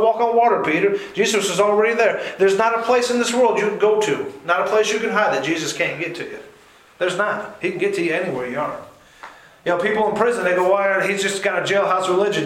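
A man preaching a sermon in a church, impassioned and speaking straight to his listeners, often calling them "man". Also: a bit bright. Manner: impassioned, rising to high-pitched fervor. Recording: very echoey church room.

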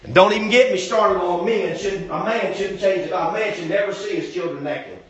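Male pastor, joking sermon, high lively voice, far off in an echoey church. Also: moderate pace. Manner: joking storyteller, often shouting. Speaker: preacher. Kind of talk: comic sermon. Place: church sanctuary. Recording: echoey church hall from afar.

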